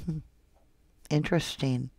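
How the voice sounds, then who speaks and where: A soft-spoken woman hosting a true crime livestream, reading viewer comments aloud and calling her viewers love and honey. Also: low-pitched, a little slow, no echo. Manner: affectionate toward viewers, calls them love and honey. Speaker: true crime channel host.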